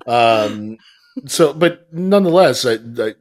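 A man co-hosting a chatty podcast, full of wry, grumbling complaints that he plays up for laughs. His voice swings widely in pitch as he talks, leaning on exaggeration and mock outrage. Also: expressive, slow. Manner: sardonic, complaining, playfully exaggerated. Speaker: podcast co-host. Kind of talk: casual chat.

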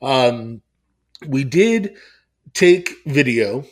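A man's voice: mid-range voice, expressive, drawn-out words. A man in his thirties co-hosting a casual podcast, talking in a rambling way with many restarts and some swearing. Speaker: podcast co-host.

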